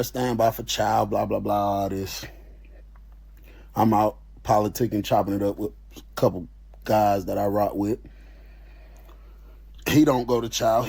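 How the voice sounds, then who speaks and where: A man telling a story in a casual, animated way, full of slang and swearing. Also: lowish voice, vocal fry, breathy edge.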